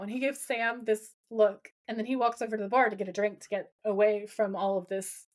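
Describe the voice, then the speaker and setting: Animated woman podcast co-host. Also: medium pitch, fairly quick, hardly any pauses. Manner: animated, swears, acts out quotes. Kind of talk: casual recap chat.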